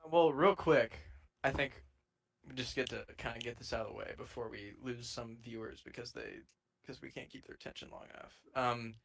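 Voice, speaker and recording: A man's voice: medium pitch, moderate pace, gravelly, fairly bright tone, low-quality recording. A young man co-hosting a casual podcast, joking and rambling with many hesitations. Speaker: podcast co-host.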